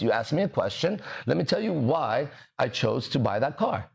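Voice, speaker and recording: A man's voice: medium pitch, sing-song, moderate pace, creaky. A man hosting a podcast as a mindset and relationship coach, talking in a brash, swaggering, profane monologue full of rhetorical questions.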